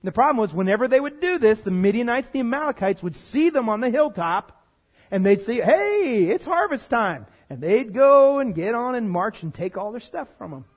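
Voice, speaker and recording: A male pastor with a strikingly high voice delivers a lively sermon. He jokes with the congregation and asks them to answer back. He sounds middle-aged. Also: brisk.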